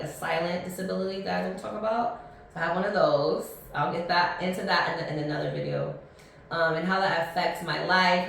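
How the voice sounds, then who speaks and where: A woman's voice: fairly low pitch, vocal fry, fairly bright tone. A woman of thirty hosting a casual solo podcast, chatty and blunt, rambling with many ums and restarts. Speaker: podcast host. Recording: echoey room, mic at a distance.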